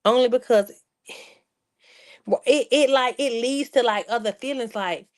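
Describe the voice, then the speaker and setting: A woman's voice: a little high, normal speed. A young adult woman chatting casually to her viewers as a vlogger, sarcastic and talkative, calling them y'all.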